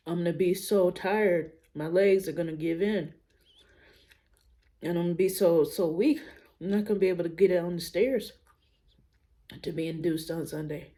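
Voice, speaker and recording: A young adult woman talking candidly in a casual personal vlog, musing out loud with relaxed everyday slang. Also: lowish voice, moderate pace, long pauses. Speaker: vlogger.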